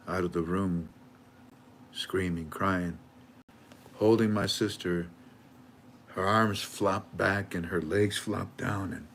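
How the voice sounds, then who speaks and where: Halting older man telling a story. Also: low voice, a little hiss or hum. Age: 70s. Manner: halting, repeats words while searching for them. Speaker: channel host. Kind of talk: heartfelt storytelling with a religious close.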